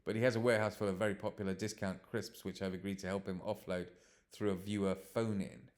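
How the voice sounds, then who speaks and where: An eager young woman reporting from a starship, voiced by a man. She talks in a chatty, slightly nervous way, and the voice stays fairly low. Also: level tone, quick pace, a little mellow, lightly acted. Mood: earnest.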